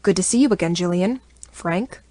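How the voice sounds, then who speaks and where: A confident young man, steady and at times stern, as a woman narrator puts him on. The voice sits on the low side and is recorded dry and close, with no room sound. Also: moderate pace, no room sound, lightly acted. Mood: smug polite. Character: confident young man, blunt, self-made.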